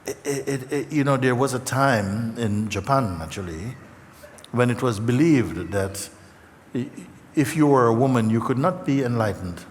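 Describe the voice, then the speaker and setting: A man giving a live spiritual talk to a gathering, speaking in an unhurried, halting way with many fillers and repeats, earnest and tender. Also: mid-range voice. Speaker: spiritual teacher. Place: large meeting hall. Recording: long hall reverb, faint background noise.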